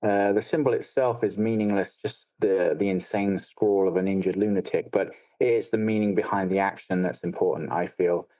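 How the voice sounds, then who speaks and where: Low-voiced man, blunt and sweary. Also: steady tone, moderate pace, hardly any pauses, dark tone, no room sound, poor audio. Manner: blunt, swears freely, analytical. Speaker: podcast co-host. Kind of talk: casual film discussion.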